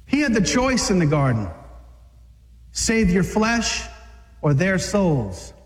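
Male preacher, fervent exhorting sermon, high-pitched, shouts at peaks, long hall reverb. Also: very animated, slow pace. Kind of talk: fiery sermon.

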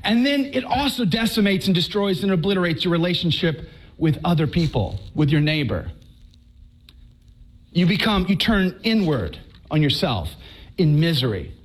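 High-voiced man from Texas telling his story. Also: low-quality recording. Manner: animated, conversational storyteller who often restarts words. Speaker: speaker giving a personal faith testimony. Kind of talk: storytelling talk to a live audience.

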